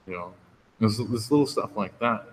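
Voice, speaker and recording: Man speaking at a recovery meeting podium. Frank, conversational testimony, fairly low voice, long reverb in the room. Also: vocal fry, a bit bright. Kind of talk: candid personal testimony. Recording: reverberant room with faint background noise.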